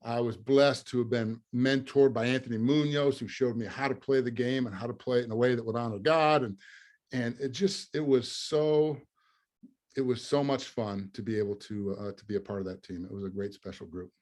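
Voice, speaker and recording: A man in his fifties spins lively stories as an interview guest, chuckling through the punchlines and filling pauses with plenty of ums and uhs. His voice sits at an ordinary middle pitch for a man. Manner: lively storyteller, laughs through punchlines, many fillers. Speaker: guest, former pro football lineman. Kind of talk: storytelling interview.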